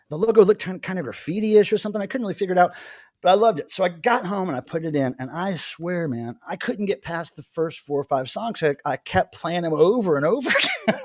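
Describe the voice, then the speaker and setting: Animated man hosting a livestream. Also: sits high, a little fast, dry recording, clean studio sound. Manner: animated, laughs often. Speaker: livestream host. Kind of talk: casual chat.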